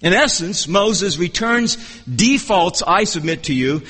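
A man preaching an expository sermon in an earnest, measured teaching manner, often restarting his phrases. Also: high-pitched, lively intonation, bright, forceful tone, husky. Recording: long reverb of a hall.

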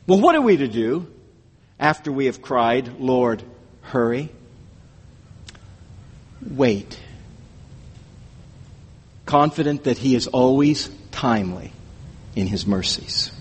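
A man's voice: medium pitch, expressive, slow pace, pauses often, slightly rough, long reverb tail. A man preaching an expository sermon, earnest and emphatic, repeating key phrases as he explains a psalm.

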